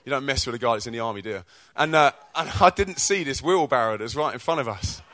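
A British man preaching to young people, telling stories from his own life in a chatty, energetic way. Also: mid-range voice, fast talker. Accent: British English. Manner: energetic, chatty storyteller who acts out quotes. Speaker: speaker at a youth church event. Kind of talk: testimony-style preaching with stories.

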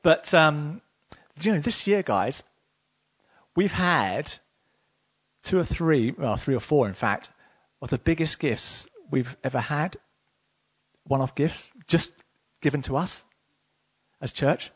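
A man's voice: a little high, lively intonation, slow, long pauses, husky. A man preaching a sermon as a pastor, enthusiastic and emotional, talking conversationally with many fillers.

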